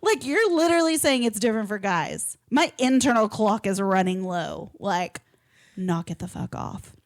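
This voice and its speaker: A woman's voice: medium pitch, normal speed. A woman co-hosting a podcast, telling a story in casual chat and acting out what people said. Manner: animated, acts out quotes, swears and laughs. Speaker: podcast co-host.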